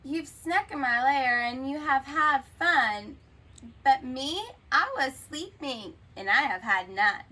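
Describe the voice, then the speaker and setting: A woman's voice: high-pitched, slow pace, pushed and bright, far from the mic, heavily acted. A woman voicing a grumpy, sleepy big male bear in a storybook, complaining in an aggrieved way. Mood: grumbling complaint.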